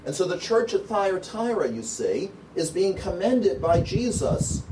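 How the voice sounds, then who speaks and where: Male preacher, earnest expository sermon, slow and deliberate, distant mic, roomy and noisy recording. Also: sits high, sing-song. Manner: earnest, emphatic, repeats key phrases.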